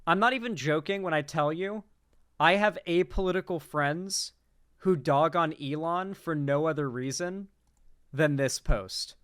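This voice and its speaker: A man's voice: on the high side, measured pace, fairly bright tone, clean tone, dry recording, studio quality. A young man giving casual, profane, incredulous reaction commentary on a political clip.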